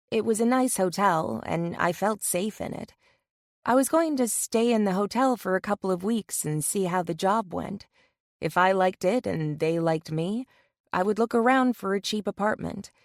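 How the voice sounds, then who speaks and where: A woman reading a first-person romance audiobook in an even, measured way into a close mic. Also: mid-range voice, no room sound. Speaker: audiobook narrator. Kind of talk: first-person scripted narration.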